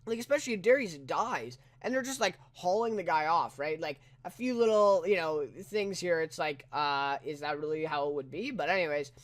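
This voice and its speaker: Casual male reviewer with a raised, higher voice, talking through an episode in a loose, rambling way. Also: lively intonation, moderate pace, few pauses. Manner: rambling, full of "you know" and "right?"; incredulous asides.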